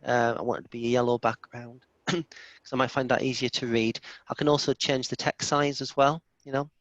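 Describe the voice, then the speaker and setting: Gravelly enthusiastic man on a call. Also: mid-range voice, little pitch movement, fairly quick, a bit bright, no room sound. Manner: enthusiastic, chatty, frequent restarts. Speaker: presenter demonstrating software. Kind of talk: live online demo session. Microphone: video call. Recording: dull lo-fi video call audio.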